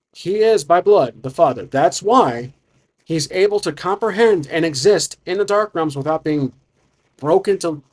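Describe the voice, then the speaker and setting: A man's voice: on the high side, darkish tone. A man narrating his solo tabletop game, thinking aloud with frequent restarts. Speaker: solo game master and player.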